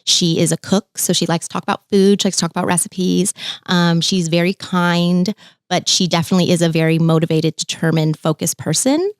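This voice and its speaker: A young woman chatting casually as an interview guest, easygoing and quick to laugh. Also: lowish voice, fairly even intonation, no echo, studio quality. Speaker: guest, former theme-park character performer.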